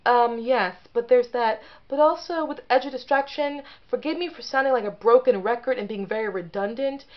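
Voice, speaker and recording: A woman's voice: fairly high pitch, moderate pace. A woman hosting a casual talking-head review, chatty and earnest, correcting herself as she goes. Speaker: video host ranking episodes. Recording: dull lo-fi sound.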